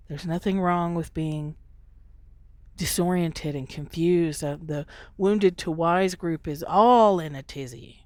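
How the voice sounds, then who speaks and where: Slow, candid woman coaching on change. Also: lowish voice, a little mellow, dry recording. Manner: candid, earthy, acts out quoted complaints. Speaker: podcast host. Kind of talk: motivational monologue.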